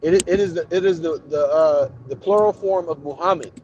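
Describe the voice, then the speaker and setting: A man's voice: fairly high pitch, moderate pace, a little mellow, highs cut off, slight background noise. A man calling into a heated debate, insisting on his point, repeating himself and saying "brother" often.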